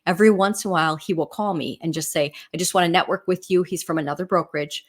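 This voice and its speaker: A woman's voice: lowish voice, steady tone, fast talker. A middle-aged woman from the Midwest US, a real estate agent, teaching in a casual, chatty way and telling stories with frequent "right?" and "you know" asides.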